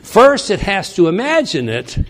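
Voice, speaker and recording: A man's voice: high-pitched, huge pitch swings, measured pace. A man teaching a sermon, reading scripture verses aloud and explaining them with frequent restarts. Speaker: preacher.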